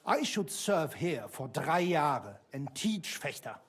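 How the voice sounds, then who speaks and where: An actor playing a proud middle-aged German master fencer in a video game, speaking with a German accent. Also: male voice, fairly high pitch, sing-song, slow, husky, exaggerated voice. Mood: proud, aggrieved. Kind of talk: game voice acting.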